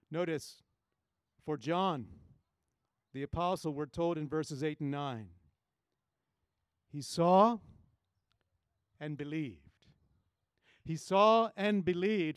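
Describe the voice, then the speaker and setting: A man preaching a sermon as a pastor, reading scripture aloud and acting out the quoted lines with shifting pitch and pace. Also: clear, resonant tone, no room sound, studio quality.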